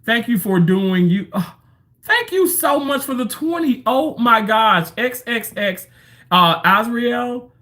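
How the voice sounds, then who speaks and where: A man's voice: very high-pitched, lively intonation, takes it slowly, sharp tone. A man in his thirties or forties, rambling through a casual livestream monologue with chatty storytelling and loose swearing.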